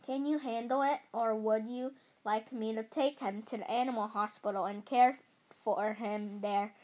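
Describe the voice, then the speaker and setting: A woman reading the lines of a kind veterinarian, with a gentle, reassuring way of talking. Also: fairly high pitch, steady tone, normal speed, close to an everyday voice.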